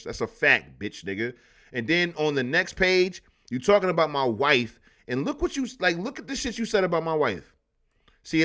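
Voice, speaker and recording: Male live-stream host, higher-pitched, swings wildly in pitch, profane rants. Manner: animated, profane ranting. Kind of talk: live-stream history commentary.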